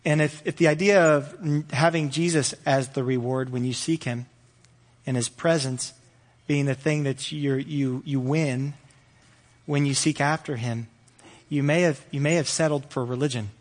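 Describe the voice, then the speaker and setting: A man preaching a sermon with energy, rising loud and high when animated. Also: moderate pace, big-room sound. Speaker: pastor.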